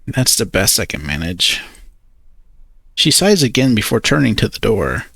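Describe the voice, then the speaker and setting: A man's voice: on the low side, sing-song, normal speed, gravelly, a bit bright, slightly rough, dry recording. A man narrating a first-person story, hesitant and awkward in his character's lines.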